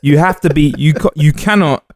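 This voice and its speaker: A man's voice: a little high, a little fast, dry recording, studio quality. A man co-hosting a podcast, telling jokey stories in casual slang. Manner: animated, jokey storytelling with slang. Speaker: podcast co-host. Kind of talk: casual chat.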